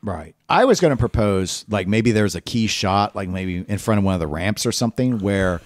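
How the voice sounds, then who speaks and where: A man co-hosting a gaming podcast in casual chat, animated and playful, riffing and teasing his co-host. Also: lowish voice, no room sound, studio quality. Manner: animated, playful, quick to riff and tease.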